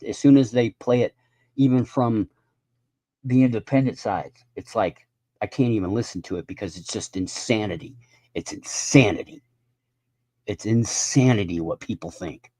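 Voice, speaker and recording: A man's voice: mid-range voice, darkish tone, no echo. A man in his fifties ranting in a casual live stream monologue, profane and rambling. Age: 50s.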